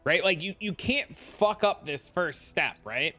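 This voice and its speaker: A young male game streamer in casual, profane chatter with his viewers. His voice runs high and bright. Faint music plays under his talk. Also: expressive, a little slow. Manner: profane, chatty, answers chat. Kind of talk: casual live-stream commentary.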